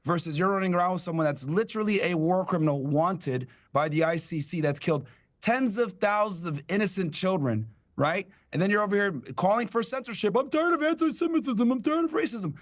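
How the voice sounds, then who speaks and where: A man's voice: high voice, lively intonation, fairly quick. A young man in a combative debate, blunt and mocking, sneering as he quotes his opponent. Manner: blunt, mocking, sarcastic quoting. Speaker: debate guest.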